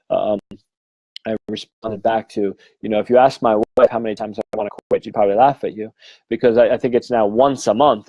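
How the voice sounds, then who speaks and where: A man's voice: on the low side, warm tone, dry recording, lo-fi sound. A man, middle-aged, a medium giving a frank, rambling live-stream talk full of fillers and swearing. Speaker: medium and mentor.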